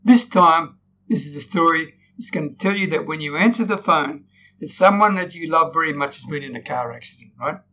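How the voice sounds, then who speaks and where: A man with a fairly high voice coaches an audience on storytelling, acting out sample lines and tagging his points with "right?". The recording is dull and lo-fi, with a faint hiss underneath. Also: animated, brisk, pushed and bright. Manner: demonstrates tones, frequent "right?" tag questions. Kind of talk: recorded lesson.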